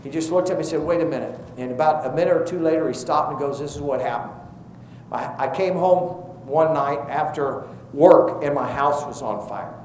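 A man's voice: a little high, brisk, a little mellow, roomy sound, a little hiss or hum, rough recording. A man preaching a sermon, telling a personal story in a folksy, conversational way and building to fervent appeals.

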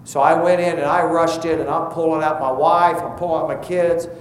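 A man's voice: a little high, fairly even intonation, fairly quick, slight background noise. Folksy preacher man in an echoey room. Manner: folksy storytelling, rising to fervent preaching. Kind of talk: sermon with personal story.

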